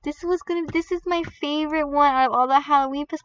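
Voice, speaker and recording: A woman giving chatty, excitable commentary while playing a game, with squeals and laughs as she opens pets. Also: high voice, fast talker, few pauses, no room sound, distant mic, dull audio. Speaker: gaming video creator. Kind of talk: gaming commentary.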